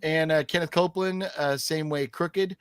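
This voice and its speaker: A male host runs a casual live stream, chatting and reading viewer comments aloud with plenty of fillers. His voice is fairly high, steady, clear and resonant at a normal speed, in clean studio sound with no room sound.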